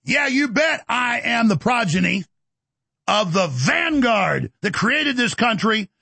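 Guy ranting at people, swoops up and down a lot, husky edge, dry close sound. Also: very high-pitched, very animated, takes it slowly, no room sound. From Texas. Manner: heated, mocking, often shouting. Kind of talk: ranting monologue.

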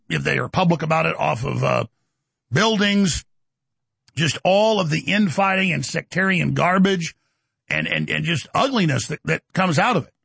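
Gravelly, combative man hosting. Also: fairly high pitch, no echo. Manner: combative, blustering, loud bursts. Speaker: talk show host. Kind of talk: heated talk show rant.

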